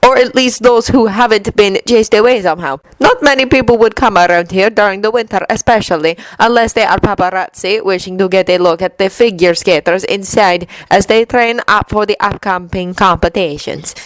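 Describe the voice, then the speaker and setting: Charming young male skater, relaxed and friendly; a woman reads him aloud. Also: mid-range voice, normal speed, hardly any pauses, no echo, lightly acted, low-quality recording. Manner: friendly, conversational.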